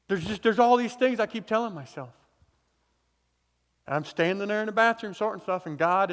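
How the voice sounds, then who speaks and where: Man, pastor, folksy conversational sermon, high voice, long church reverb. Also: expressive, a little fast, fairly bright tone. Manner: casual, folksy, conversational preaching with repeated phrases. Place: church sanctuary.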